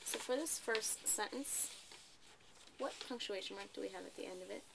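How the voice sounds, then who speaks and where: Creaky-voiced woman tutoring a child. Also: mid-range voice, normal speed, noisy background. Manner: patient, coaxing, ends points with tag questions.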